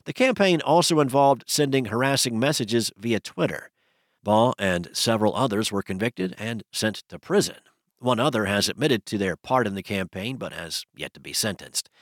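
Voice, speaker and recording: A man's voice: lowish voice, no echo. Man reading tech news, dry studio sound. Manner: steady, measured delivery. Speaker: news podcast host.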